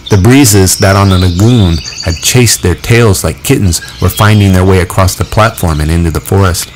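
A man narrating a novel aloud in a measured, expressive reading. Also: sits low, a little hiss or hum, rough recording. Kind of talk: audiobook reading.

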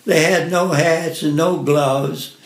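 A man gently reading a first-person family story aloud in an unhurried way. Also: a little high, steady tone, slight background noise. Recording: roomy echo.

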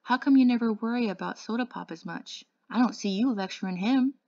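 A woman's voice: on the high side, a little fast, darkish tone, highs cut off, voice pushed up, lightly acted. A woman reading the part of a weary, curious teenage boy, asking questions in a raised voice. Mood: questioning.

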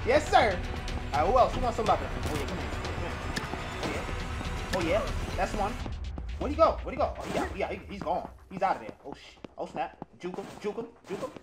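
A gaming video creator giving excited, slang-heavy, trash-talking commentary over gameplay. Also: mid-range voice, fairly quick, loud music behind the voice.

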